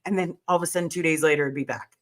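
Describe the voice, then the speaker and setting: A woman in casual chat, telling animated stories and acting out what people said. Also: racing. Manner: animated storyteller, acts out quotes in high voices.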